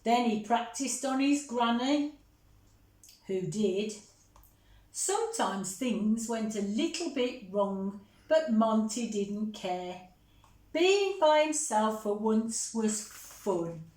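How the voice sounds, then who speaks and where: A woman reading a picture book aloud to children, gently chatting with them between pages. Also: fairly high pitch, expressive, slow. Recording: roomy echo.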